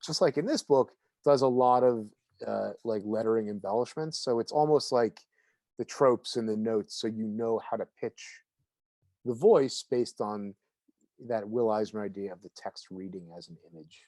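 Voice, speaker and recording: A man's voice: lowish voice, moderate pace, no echo, clean studio sound. A man co-hosting a podcast in a casual, rambling chat about comics. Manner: relaxed, rambling, with frequent fillers and restarts. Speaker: podcast co-host.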